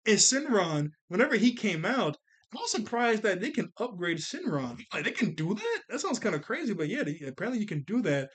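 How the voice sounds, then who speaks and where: A man's voice: high voice, very animated, brisk, slightly rough. A man reviewing an anime movie in a casual, rambling chat, with a lot of slang and frequent laughter.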